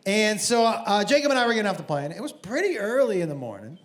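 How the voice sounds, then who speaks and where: A middle-aged man doing stand-up storytelling, profane and animated, who often laughs at his own jokes. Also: sits high, fast talker. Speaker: stand-up comedian. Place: comedy stage before an audience. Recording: live show with loud crowd noise.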